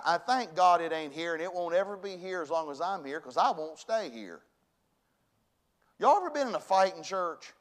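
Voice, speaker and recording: A man preaching a sermon to his church, folksy and conversational, dropping to hushed lines and rising to loud bursts. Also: fairly high pitch. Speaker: pastor. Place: church sanctuary.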